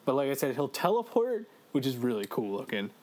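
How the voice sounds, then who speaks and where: A man co-hosting a casual video game chat, excitable, swearing freely and laughing often. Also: medium pitch, fairly quick. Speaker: let's play co-host.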